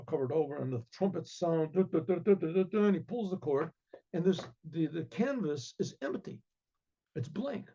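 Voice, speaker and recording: A rabbi tells a story in a sermon with vivid, animated delivery and frequent restarts. His voice is gravelly and fairly high for a man. The recording sounds dull and lo-fi.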